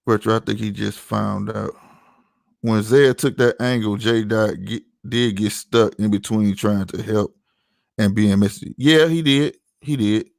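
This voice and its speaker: A man's voice: lowish voice, fairly even intonation, unhurried, creaky, no room sound, clean studio sound. Slangy St. man chatting on a podcast. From St. Louis, USA. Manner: slangy, storytelling, lots of "you know what I'm saying". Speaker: podcast host. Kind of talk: casual podcast chat.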